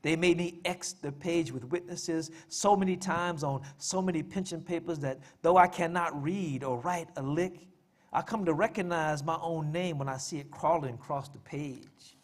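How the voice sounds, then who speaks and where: A man's voice: fairly high pitch, moderate pace, natural voice. A man reciting a poem in the voice of an illiterate, weary Civil War widow, in plain-spoken folk dialect. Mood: weary, defiant. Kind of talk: poetry reading.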